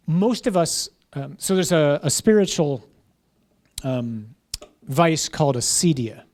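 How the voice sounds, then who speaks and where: A man's voice: on the high side, darkish tone. A man, a parish priest, teaching a class in an informal conversational way, often checking in with "right?" and "huh?".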